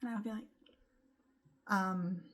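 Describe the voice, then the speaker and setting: A woman's voice: mid-range voice, steady tone, unhurried, fairly bright tone. A young woman hosting a solo motivational podcast, talking casually with lots of "like" and "you know.". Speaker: podcast host.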